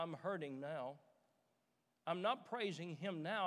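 A man's voice: a little high, measured pace, a bit bright. A middle-aged man preaching a sermon as pastor, repeating his phrases and rising to fervent emphasis. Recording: church sanctuary with long reverb.

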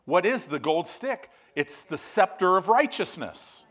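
Animated male preacher telling a story. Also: measured pace. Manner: storytelling, swings from loud animated bursts to low quiet emphasis. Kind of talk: sermon.

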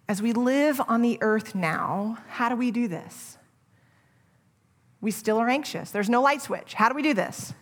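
A middle-aged woman preaching a sermon in a church, earnest and gentle, often pausing to restart a phrase. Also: on the high side.

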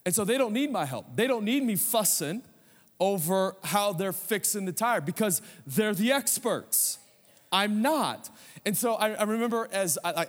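High-voiced pastor preaching in an echoing hall. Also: male voice. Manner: humorous storytelling, conversational asides. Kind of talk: sermon.

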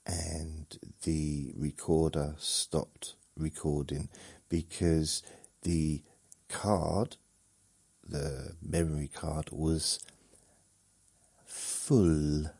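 Very slow deep-voiced man. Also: steady tone, mellow, husky, no echo. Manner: drowsy, rambling, chuckles at himself. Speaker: podcast host. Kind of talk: rambling sleep podcast monologue.

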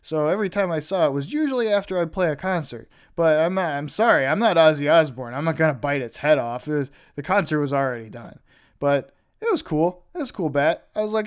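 A young man tells stories on his podcast in a loose, rambling monologue, dropping casual swears as he goes. His voice sits a little high and sounds smooth and clear. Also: expressive, brisk. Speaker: podcast host.

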